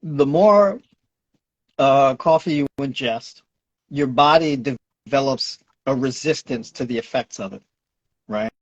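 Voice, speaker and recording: A man's voice: mid-range voice, measured pace, no room sound, muffled recording. A man with a New York accent, a nutrition and fitness coach, explaining at length in a lecturing way and checking in with "right?". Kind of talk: explaining in a podcast Q&A.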